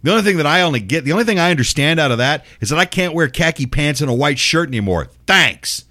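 A middle-aged host rants in an exasperated, profanity-laced monologue, full of sarcasm. His pitch rises and falls a lot as he talks. The recording is close and dry. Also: animated, fast talker, pushed and bright, no echo. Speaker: show host. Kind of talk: ranting monologue.

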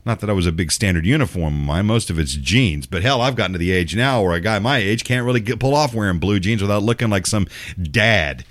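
A man's voice: fairly low pitch, lively intonation, fast, a bit bright, dry recording. A middle-aged man hosting a show, delivering a profane, sarcastic, exasperated ranting monologue. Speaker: show host.

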